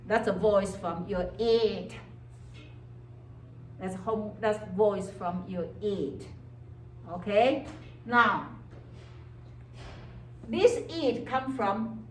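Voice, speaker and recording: A woman's voice: medium pitch, far from the mic, slight background noise. A woman lecturing on psychology to a class. She speaks English with non-native grammar and keeps checking in with "okay?" while acting out inner voices. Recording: echoey classroom heard from afar.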